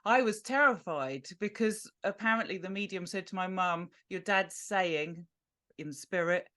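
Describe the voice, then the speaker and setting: A woman's voice: fairly low pitch, measured pace. A British woman from near London, a medium guest on a video call, chatting and telling stories, with frequent laughter. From England. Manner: warm storyteller, laughs often. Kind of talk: casual interview chat.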